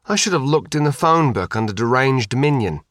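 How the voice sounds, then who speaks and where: A man's voice: mid-range voice, expressive, fairly quick, fairly bright tone, no room sound, clean studio sound, pitched above the performer's own voice, natural voice. A man voicing a long-suffering uncle in an audiobook. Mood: weary. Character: older man, weary, patient uncle.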